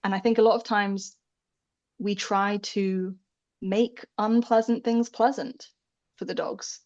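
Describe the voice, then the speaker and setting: A woman speaks as a guest in a casual interview about her field. Her talk is frank and animated, with the odd swear word. The recording sounds somewhat dull and lo-fi, and her pitch sits in a middle range. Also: slow. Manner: candid and animated, swears freely, often laughs. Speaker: dog behavior expert, podcast guest.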